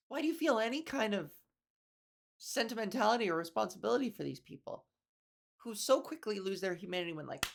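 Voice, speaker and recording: A woman's voice: on the low side, gravelly. A woman hosting a comedy podcast, talking in a casual rambling monologue, swearing a lot and acting out the people she mocks.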